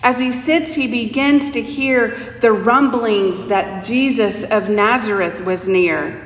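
A woman preacher giving a sermon, telling the story slowly and expressively and voicing the people in it. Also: on the high side. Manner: slow, expressive storytelling with voiced quotes. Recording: echoey church hall with long reverb.

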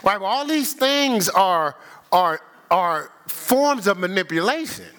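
Older guy preaching, high bright voice, jokes around, swoops up and down a lot. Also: takes it slowly. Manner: lively, humorous, laughing with the congregation; acts out voices of people he quotes. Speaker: pastor. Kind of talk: sermon. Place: church sanctuary.

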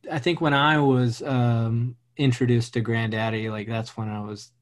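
A man's voice: mid-range voice, fairly even intonation, moderate pace. A man in casual music chat, hedging often with "like" and "you know".

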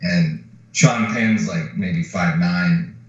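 This low-voiced podcast co-host retells a film very slowly yet animatedly, swearing freely and acting out quotes in casual chat. Crowd noise is audible, and he is recorded far from the mic in a very echoey room with a dull sound.

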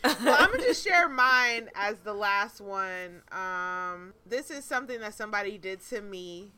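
A woman in her late twenties co-hosting a podcast, telling stories in a profane, animated way and laughing often. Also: medium pitch, measured pace, over a noisy crowd. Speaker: podcast co-host. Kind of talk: casual chat, storytelling.

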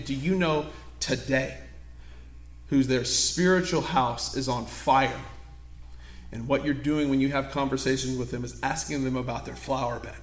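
A man's voice: mid-range voice, moderate pace, reverberant. A man preaching a sermon, telling stories animatedly and acting out the scenes. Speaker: pastor. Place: church sanctuary.

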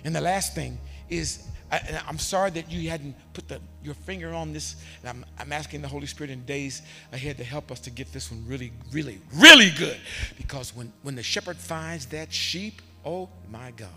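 A man preaching a sermon as bishop, animated and given to shouting for emphasis. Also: fairly high pitch, moderate pace, in a large hall, faint music behind.

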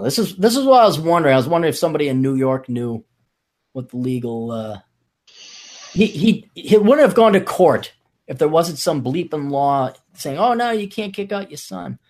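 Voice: mid-range voice, darkish tone. A podcast host in casual chat who reads a news story aloud, mocking it and laughing between lines. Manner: joking, mocking, laughs often.

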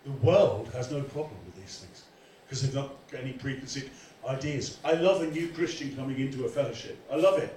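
A man preaching a lively sermon as pastor, acting out quoted voices as he goes. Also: medium pitch, a little fast, hardly any pauses, a little hiss or hum. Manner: animated, acts out quoted voices. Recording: echoey room from far off.

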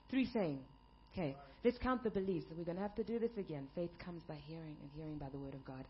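A woman pastor delivering an emphatic sermon, building up to shouted peaks. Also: sits low, fast, highs cut off.

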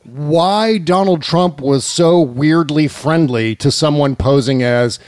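Male podcast host, animated and incredulous, slightly high voice, dry close sound. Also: takes it slowly, no room sound. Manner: animated, incredulous storytelling with laughs. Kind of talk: casual chat.

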